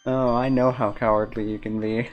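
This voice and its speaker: Playful streamer, laughs a lot, chats during a game stream, soft music behind. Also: mid-range voice, level tone, moderate pace, muffled recording. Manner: laughs often, joking, greets viewers. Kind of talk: casual live-stream chat while gaming.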